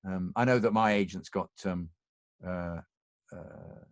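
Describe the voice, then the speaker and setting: A middle-aged man with a fairly low voice answers questions on a video call. He talks haltingly, full of fillers and restarts. The sound is dry and close, with no room around it. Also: dry recording. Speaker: guest voice actor. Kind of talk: casual Q&A chat.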